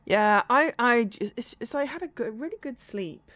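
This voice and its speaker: A woman streams a story game, giving casual commentary in a sleepy, rambling way, yawning, giggling and often correcting herself. Her slightly high voice is expressive and fairly bright, moving at a normal speed with few pauses, and there is no room sound.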